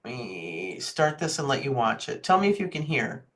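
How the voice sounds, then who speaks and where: A woman's voice: rumbling low, big pitch swings, moderate pace, a bit bright. A woman giving an online marketing workshop on a video call, chatty and often checking in with her listeners. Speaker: marketing presenter.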